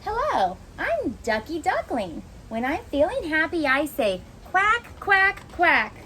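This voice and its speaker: A bouncy little duckling from a picture book quacks happily, as a woman reads her part. The voice sits high and swoops all over in sing-song lilts. A faint hiss of noise lies under the recording. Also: wildly swooping pitch, slow pace, exaggerated voice. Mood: cheerful.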